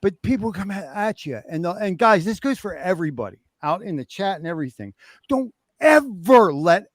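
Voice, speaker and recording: A man's voice: sits high, expressive, fast, dry recording, clean studio sound. A man in his fifties talking candidly as a guest on a livestream, emphatic and profane as he rallies the listeners. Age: 50s. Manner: emphatic and profane, rallying talk. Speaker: stream guest.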